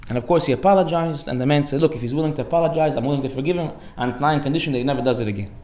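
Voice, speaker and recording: Man, sermon, quick delivery, a bit high, echoey room. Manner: animated storytelling, acts out dialogue. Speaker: rabbi.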